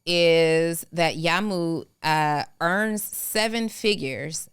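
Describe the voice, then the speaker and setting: Bubbly woman podcast host, smooth voice. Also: lowish voice, extremely slow, no room sound, clean studio sound. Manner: bubbly, laughs often, many fillers. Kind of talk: casual interview chat. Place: studio set.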